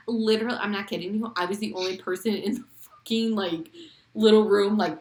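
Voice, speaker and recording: A woman co-hosting a podcast, chatting casually, excitable and swearing freely. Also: mid-range voice, a little fast. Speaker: podcast co-host. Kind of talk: casual chat. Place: Las Vegas.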